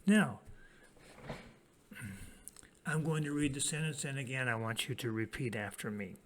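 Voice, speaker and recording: A man teaching an English grammar lesson to children, prompting his pupils to repeat lines and pausing for their answers. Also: mid-range voice. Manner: lively, sing-song classroom delivery.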